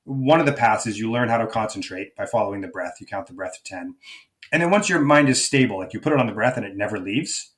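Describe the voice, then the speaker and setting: A man's voice: lowish voice, lively intonation, fast. A middle-aged man speaking as a life coach guest in an interview, thoughtful and searching, often restarting his sentences. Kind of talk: reflective conversational interview.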